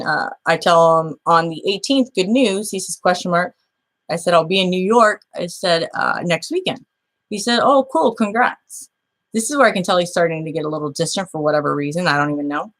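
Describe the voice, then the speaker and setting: A woman's voice: fairly low pitch, a bit bright. A woman hosting her own show, recounting a dispute by reading old messages aloud, blunt, aggrieved and swearing freely. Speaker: show host.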